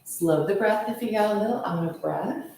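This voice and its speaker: A woman leading a yoga class, calmly cueing each pose in time with the breath. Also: mid-range voice, moderate pace, a little hiss or hum. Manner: calm, steady cueing of poses with the breath. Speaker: yoga instructor. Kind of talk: guided yoga class instruction. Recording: very echoey room, voice from far off.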